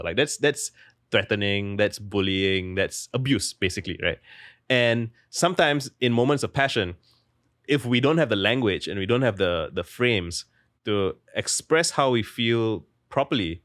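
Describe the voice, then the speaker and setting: Low-voiced young man, a chatty interview guest who rambles with constant "like" fillers, recorded dry and close. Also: moderate pace, fairly bright tone, dry recording. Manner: rambling, heavy use of "like", restarts mid-thought. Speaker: guest author. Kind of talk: casual interview talk.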